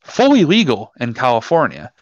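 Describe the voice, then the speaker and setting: A man co-hosts a casual podcast at a middling pitch, telling stories with energy and playing out each side of a conversation. The sound is dull and lo-fi, with a dry, close feel and no room around it. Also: normal speed, no echo. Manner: animated storyteller, acts out quoted exchanges. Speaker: podcast co-host.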